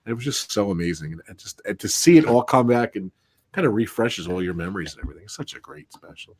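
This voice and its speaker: A man co-hosting a casual live chat show, telling enthusiastic stories in an animated way. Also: on the low side, quick pace, husky, no room sound. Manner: excited, animated storyteller. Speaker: podcast co-host.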